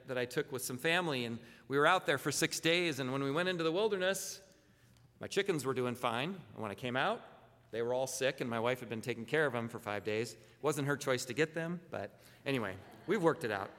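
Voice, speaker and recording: A man's voice: medium pitch, quick pace, a bit bright, long reverb tail. A man preaching a sermon as a pastor, talking conversationally, often repeating words and posing rhetorical questions. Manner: conversational, self-correcting, asks rhetorical questions.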